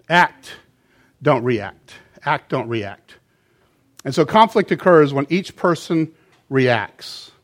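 A middle-aged man preaching a sermon, animated, swinging between loud emphasis and quiet asides. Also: a little high. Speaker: pastor.

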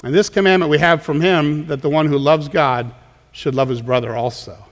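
A man's voice: on the high side, steady tone, normal speed. A man preaching a sermon as pastor, in a conversational way, often repeating words and restarting as he goes. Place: church sanctuary. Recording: long reverb of a large hall.

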